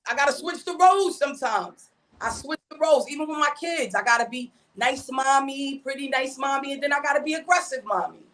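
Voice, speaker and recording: High-voiced, animated slangy woman. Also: a little fast. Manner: slangy, repeats "you know what I mean"; animated, emphatic storytelling. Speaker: mother and podcast guest. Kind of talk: casual podcast chat.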